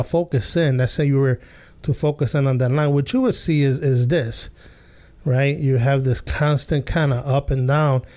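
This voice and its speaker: Man, podcast host, mellow voice, casual rambling talk, lots of ums and restarts, chuckles. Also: mid-range voice. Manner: rambling, many fillers and restarts, chuckles often. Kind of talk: casual storytelling commentary.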